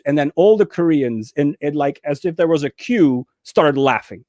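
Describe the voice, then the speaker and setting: A man co-hosting a casual movie talk show tells stories with tons of energy, acting out scenes in raised voices. His fairly high voice moves at a moderate pace with few pauses, in clean studio audio with no room sound.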